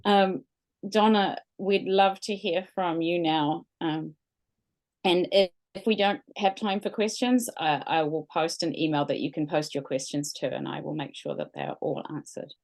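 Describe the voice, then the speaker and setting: A woman's voice: on the low side, fairly even intonation, moderate pace, a little mellow. A woman hosting a virtual poetry event on a video call, talking hesitantly with fillers. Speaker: event host. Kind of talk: moderating a virtual reading.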